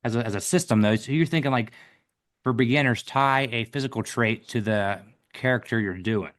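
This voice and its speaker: A man's voice: mid-range voice, normal speed, fairly bright tone. A man co-hosting a podcast, chatting casually and eagerly. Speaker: podcast co-host. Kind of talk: casual chat.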